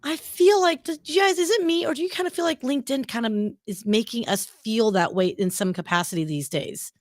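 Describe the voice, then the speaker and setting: A woman's voice: on the high side, brisk, dry recording, studio quality. A woman hosting a live panel chat, chatty and upbeat, sometimes searching for the right word.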